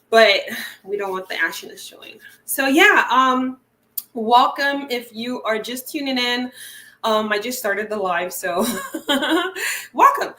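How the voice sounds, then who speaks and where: A woman's voice: fairly high pitch, sharp tone, echoey room. A woman hosting a nature livestream, chatting casually with many fillers and small laughs. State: teary burning eye. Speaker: wildlife channel host.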